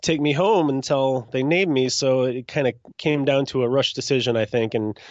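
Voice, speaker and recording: A man in his forties from Minnesota, a juggler telling his story as a guest in a relaxed, self-deprecating way. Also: mid-range voice, moderate pace, no room sound, muffled recording. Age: 40s. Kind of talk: casual interview.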